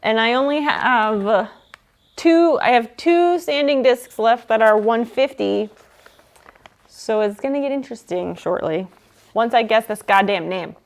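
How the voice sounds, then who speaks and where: A woman's voice: fairly high pitch, a little slow. A woman chatting casually with her live-stream viewers while she restores a table, joking and guessing names. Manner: chatty, joking, talks to chat while working.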